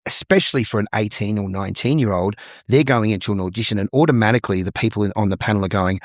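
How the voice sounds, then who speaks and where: A man's voice: lowish voice, fast talker, dry recording, clean studio sound. A middle-aged Australian man, a musical theatre performer and vocal coach, chatting thoughtfully as an interview guest. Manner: thoughtful storyteller who acts out little dialogues. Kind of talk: casual interview conversation.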